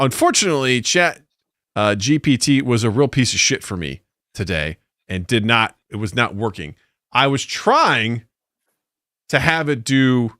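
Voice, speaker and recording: A man's voice: mid-range voice, bright, forceful tone, no room sound, studio quality. A man co-hosting a casual podcast, rambling loosely, with lots of fillers and cursing. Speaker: podcast co-host.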